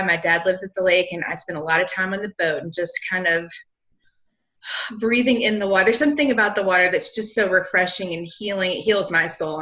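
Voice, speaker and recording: A woman's voice: on the low side, sharp tone. A woman from South Carolina with a Southern accent, a guest on a podcast interview who talks in a bubbly way and laughs often. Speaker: guest, lawyer and blogger.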